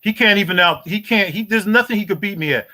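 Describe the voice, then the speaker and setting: High-pitched and sharp, moving at a quick pace, a man in his forties hosting a boxing livestream taunts a rival. The rant is profane and repetitive, with "boy" and "you hear me" recurring throughout.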